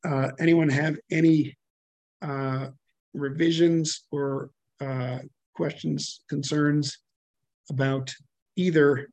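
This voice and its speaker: A man chairing a public commission hearing, halting and full of fillers and self-corrections, speaking over a video call. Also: a little high, little pitch movement, a little mellow, no echo.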